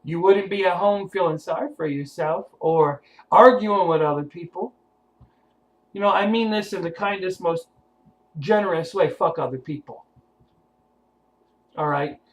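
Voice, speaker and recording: High-voiced profane New man ranting. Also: a little slow, long pauses, low-quality recording. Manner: profane, confrontational, preachy. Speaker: vlogger. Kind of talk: blunt motivational rant to camera.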